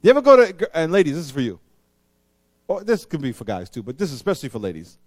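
A middle-aged man preaching a sermon, lively and animated, acting out voices in his stories and slowing down to read scripture. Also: on the high side, no room sound, studio quality. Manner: animated, acts out voices in anecdotes. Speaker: pastor.

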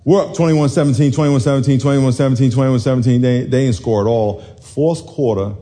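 A man in his forties, a little hoarse, telling a lively football story to a congregation, dropping low then shouting high. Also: fairly quick. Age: 40s. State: hoarse from yelling. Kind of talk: animated storytelling sermon.

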